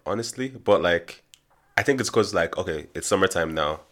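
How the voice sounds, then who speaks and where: A young man in casual podcast chat, relaxed and thoughtful, full of fillers. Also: sits low, normal speed.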